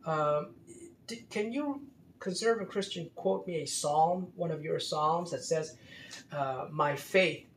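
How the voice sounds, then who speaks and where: A man's voice: fairly high pitch, measured pace. A man giving unscripted commentary, emphatic and exasperated, often stumbling into repeated restarts. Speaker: commentator critiquing a religious article. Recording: roomy echo, faint background noise.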